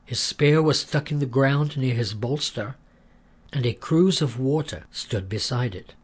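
Husky male storybook narrator. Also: medium pitch, a little slow.

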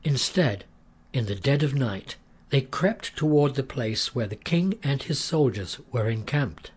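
A man narrating a story in a measured, earnest way. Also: mid-range voice, lively intonation, husky.

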